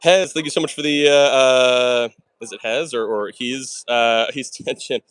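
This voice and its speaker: A man live-streaming himself solving puzzles, talking fast and chatty through every move, with excitable outbursts and thanks to chat. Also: medium pitch, smooth, no room sound. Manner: fast and chatty, talks through his moves; excitable, bursts of exclamations.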